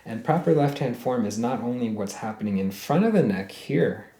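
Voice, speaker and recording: In a friendly, step-by-step ukulele lesson, a man speaks at a moderate pace in a dark, mid-range voice with lively intonation. He counts the beats, hums the melody, and addresses viewers as "guys," all in a roomy, echoing space with ukulele playing.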